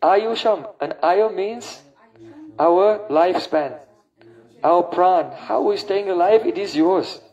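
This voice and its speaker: A man giving a spiritual lecture on scripture. He chants verses slowly and often pauses to ask his listeners "hmm?". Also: sits high, darkish tone, dull audio. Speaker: spiritual teacher.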